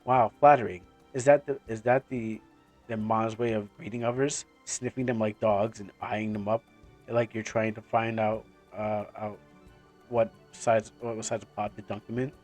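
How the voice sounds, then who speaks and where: A man's voice: on the low side, flat delivery, moderate pace, a little mellow, soft background music, voice pushed down, lightly acted. A man voicing a wary, sarcastic young hero who mutters his lines, in a fan comic dub.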